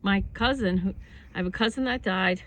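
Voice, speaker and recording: A woman's voice: medium pitch, fairly quick, a bit bright, highs cut off. A woman musing casually to camera about happiness and freedom. She rambles in an earnest tone, with laughs between thoughts. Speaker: vlogger. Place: outdoors at home with animals.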